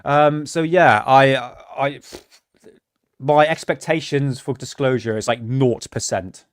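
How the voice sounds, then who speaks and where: A man's voice: mid-range voice, fairly even intonation, slow pace, no echo, studio quality. A man hosting a casual livestream, talking bluntly and ranting, swearing freely. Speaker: livestream host.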